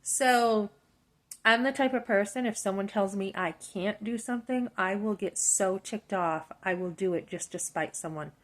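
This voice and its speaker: A woman's voice: medium pitch, normal speed. Indignant woman venting a work story. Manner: animated, indignant, talks through her frustration; acts out both sides of conversations. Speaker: vlogger. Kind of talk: personal storytelling.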